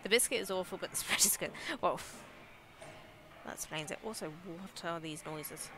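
Giggly young midlands woman streaming a game, kinda low voice, faint hiss behind. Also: normal speed. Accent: English Midlands. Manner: chatty, giggly, reacts aloud to scares. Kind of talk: casual live gameplay commentary.

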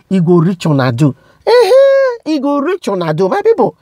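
Animated Nigerian woman gossip vlogger. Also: on the low side, no echo, clean studio sound. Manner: emphatic, exclaiming, repeats words for stress. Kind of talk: casual commentary to viewers.

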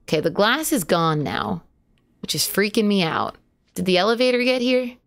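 A woman's voice: medium pitch, animated, moderate pace. A woman streaming a horror game live, chatting to viewers, yelping at jump scares and swearing casually. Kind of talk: live horror gameplay commentary.

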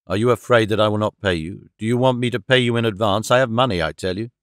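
A man's voice: lowish voice, quick pace, clean tone, no room sound, studio quality, natural voice. Man doing a weary, insistent traveller. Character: weary, hungry male traveller, stubborn.

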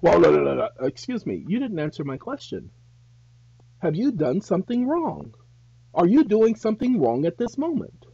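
A man acting out a snide traffic cop who fires off mocking, pushy questions. The voice is husky and animated and rises loud and sharp. It is a dull, dry recording. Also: high voice, moderate pace, dry recording, pitched above the performer's own voice, exaggerated voice. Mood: sarcastic. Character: sarcastic, impatient male police officer.

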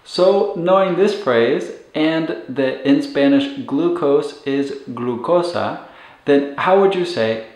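A man teaching medical Spanish vocabulary in a recorded lesson, saying each Spanish term slowly and then repeating it. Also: on the high side, a little mellow, roomy sound.

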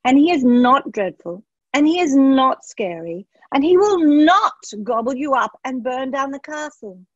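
A woman voicing a brave, loud young princess in a children's storybook, speaking with spirit and emphasis. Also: sits high, animated, unhurried, few pauses, dry recording, voice pushed up. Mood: fierce. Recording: dull lo-fi dry sound.

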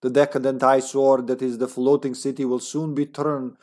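A man reads game text aloud as a grim terrorist agent writing a diary, putting on a mock-Russian "comrade" accent. His mid-range voice is darkish and level, at normal speed, lightly acted and solemn in mood and manner.

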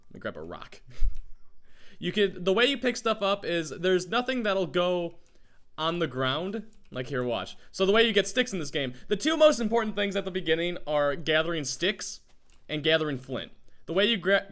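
A man with a groggy morning voice, chatting in a rambling, excitable way as he gives let's play commentary. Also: sits high, moderate pace. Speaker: gaming YouTuber.

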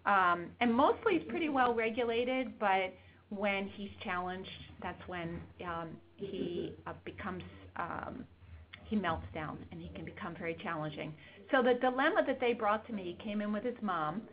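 A woman pediatrician leads a casual workshop in a meeting room, chatting her way through case stories with plenty of ums. Her voice sits at a middling pitch. The recording sounds dull and lo-fi. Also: moderate pace, a little hiss or hum. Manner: chatty, storytelling, frequent ums. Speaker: developmental pediatrician presenting a workshop. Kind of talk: informal lecture with case stories. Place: meeting room with a small audience.

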